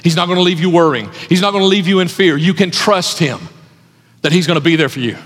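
A man's voice: high-pitched, fast, a bit bright. A man preaching a sermon as pastor, emphatic, repeating his phrases for effect. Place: church hall with an audience. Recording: long hall reverb.

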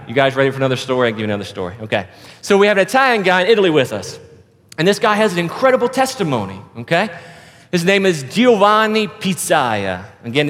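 A man preaching a sermon, telling a joke with lively acted-out voices for the people in it. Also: high-pitched, long reverb tail. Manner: animated storyteller, acts out characters. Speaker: pastor. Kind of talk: sermon with storytelling.

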